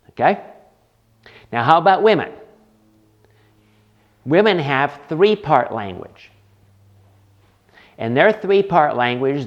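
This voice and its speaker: A man gives a counseling lecture in a slightly high voice, putting rhetorical questions to his class. The recording is dull and lo-fi, with muffled highs. He sounds like an instructor talking a room through a lesson.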